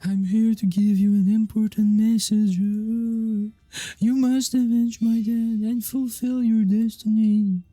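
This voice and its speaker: Solemn prophecy spirit, loud and drawn out, a woman doing him, game voice, high for a ghost. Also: little pitch movement, slow, dry recording, soft background music.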